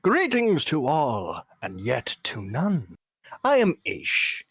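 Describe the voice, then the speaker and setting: A man's voice: medium pitch, wildly swooping pitch, slow pace, fairly bright tone, breathy edge, no echo, clean studio sound, full character voice. A man voicing a courtly kobold wizard in a tabletop game, with a grand, formal manner.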